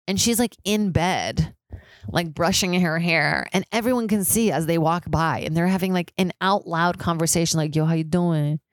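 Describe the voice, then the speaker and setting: A woman's voice: lowish voice, moderate pace, dry recording. A young woman hosting a solo podcast, rambling and profane, with many "like" fillers. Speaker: podcast host. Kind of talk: casual solo podcast monologue. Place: high-rise apartment with street sirens outside.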